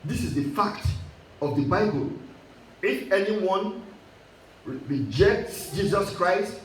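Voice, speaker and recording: A man's voice: sits high, lively intonation, slow. A man preaching a sermon, emphatic and repeating his phrases as he quotes scripture. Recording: echoey, distant mic with faint hiss.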